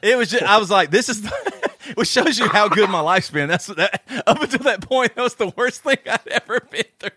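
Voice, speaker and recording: A man co-hosting a podcast, telling stories and ranting in an animated, laughing way. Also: high-pitched, fairly quick, hardly any pauses, no echo. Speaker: podcast co-host. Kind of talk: casual chat. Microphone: studio microphone.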